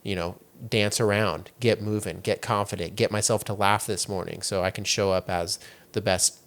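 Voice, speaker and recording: A young man with a lowish voice hosts a laid-back podcast chat. He rambles loosely and leans on filler words like "like" and "you know" as he works through his thoughts. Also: fairly even intonation, moderate pace, a bit bright. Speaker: podcast host. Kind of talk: casual chat.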